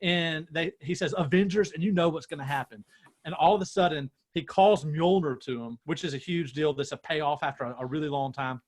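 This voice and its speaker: A young man with a fairly high voice, chatting on a video call as a pastor. He tells his story with eager, building excitement and plenty of fillers. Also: fairly quick. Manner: excited storytelling, self-described nerd. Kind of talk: casual chat on a video call.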